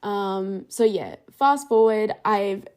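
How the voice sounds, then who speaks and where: A woman's voice: mid-range voice, slow pace, a little mellow. A young woman from Australia, hosting her podcast and telling a travel story in a casual, chatty way, with many ums and likes, laughing as she goes. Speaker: podcast host.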